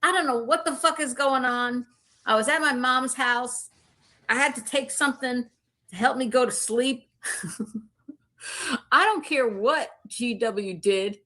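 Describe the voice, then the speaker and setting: A woman hosting a podcast, her voice pitched high. She riffs in a loose, joking way, dropping swear words as she reacts to clips. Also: slow pace, long pauses. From northern US. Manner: animated, profane, joking. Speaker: podcast host. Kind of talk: casual commentary.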